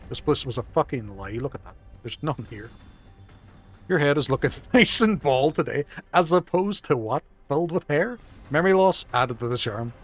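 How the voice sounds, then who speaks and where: A man's voice: on the high side, animated, moderate pace, soft background music. A man live-streaming a game, swearing often, joking with chat and reading it aloud.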